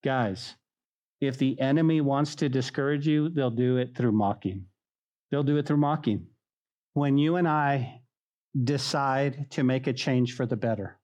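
A man's voice: medium pitch, unhurried, highs cut off. A man preaching a sermon as a pastor, telling stories and acting out mocking voices. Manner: animated, acts out mocking voices.

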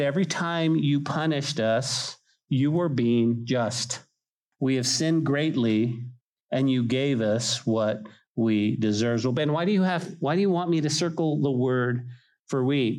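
A man's voice: medium pitch, a little mellow, low-quality recording. A man preaching a sermon as a pastor, conversational and emphatic, repeating key phrases.

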